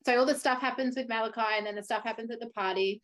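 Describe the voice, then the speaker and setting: A woman's voice: on the high side, quick pace. A woman, co-hosting a casual podcast chat, blunt and sweary with frequent laughter. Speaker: podcast co-host.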